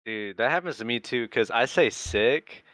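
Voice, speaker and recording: A man's voice: mid-range voice, expressive, fairly quick, pushed and bright, dry recording. A man from Michigan with a light Midwestern accent, chatting on a podcast, leaning on fillers like "like". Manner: filler-heavy, hesitant phrasing. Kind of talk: casual podcast chat.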